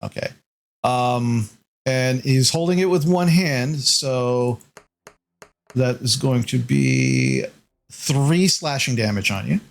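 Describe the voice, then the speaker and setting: A man's voice: mid-range voice, big pitch swings, slow pace, creaky. A man narrating as game master in a casual tabletop game, describing the action loosely with many fillers.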